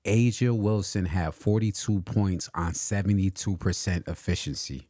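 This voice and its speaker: A man's voice: low-pitched, moderate pace, dark tone, no echo, clean studio sound. A man co-hosting a podcast, steering the sports talk and stressing statistics. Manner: leads topics, emphasizes stats. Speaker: podcast co-host. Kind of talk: casual sports chat.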